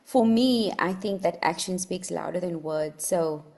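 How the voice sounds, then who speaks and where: A woman's voice: lowish voice, a little slow, gravelly, darkish tone. A South African woman co-hosting a casual podcast, chatting and slipping between English and Afrikaans. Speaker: podcast co-host. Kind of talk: casual chat.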